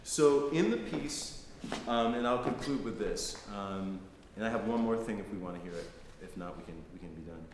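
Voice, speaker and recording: A man's voice: fairly low pitch, moderate pace, hardly any pauses. A middle-aged man telling personal stories in a conversational lecture, often checking in with "right?". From United States. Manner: conversational, frequent "right?" tags. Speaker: guest lecturer. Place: lecture hall, live audience. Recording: echoey hall, faint noise.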